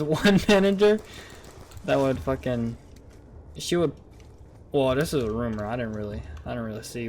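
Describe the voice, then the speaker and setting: A young man rambles through a story for his viewers, swearing freely and breaking into incredulous outbursts. His voice sits at an ordinary middle pitch. Faint keyboard typing sounds behind him at his desk. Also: a little mellow, a little hiss or hum. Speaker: vlogger. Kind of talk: casual storytelling rant.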